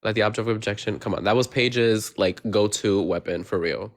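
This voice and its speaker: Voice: medium pitch, a little fast. Giggly guest chatting on a live stream. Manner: giggly, chatty, often laughing. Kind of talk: casual chat.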